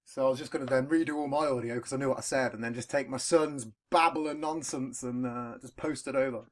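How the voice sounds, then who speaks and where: A man's voice: medium pitch, fairly even intonation, fast talker. A man with a British accent hosting a podcast, chatting casually in a rambling way and swearing freely. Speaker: podcast host. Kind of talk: casual chat. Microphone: podcast recording.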